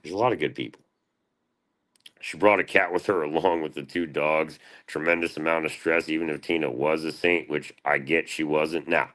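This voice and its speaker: A man in his thirties with an extremely deep, low voice, talking casually to his livestream audience. He rambles from topic to topic and swears often, in a crude, loose way. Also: fairly even intonation, normal speed, a bit bright.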